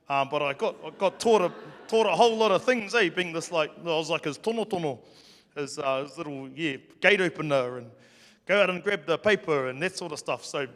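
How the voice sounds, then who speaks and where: A man with a New Zealand accent spins stories from his childhood for a live crowd, casual and cheeky with a lot of swearing. His voice sits a bit high. It carries with the long reverb of a hall. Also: a bit bright. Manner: casual, joking, swears freely. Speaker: speaker. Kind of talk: storytelling talk to a live audience. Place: hall with an audience.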